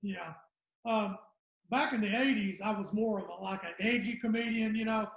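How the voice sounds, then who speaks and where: High-pitched with vocal fry and a moderate pace, a man in his 60s from the American South chats on a podcast as a guest comedian. His stories ramble and trail off, and the space around him is echoey.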